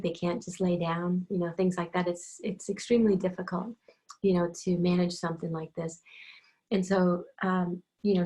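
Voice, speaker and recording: A woman's voice: on the low side, a little mellow. A woman working as an animal communicator, telling a casual, meandering story full of asides. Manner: meandering, digressive, lots of asides.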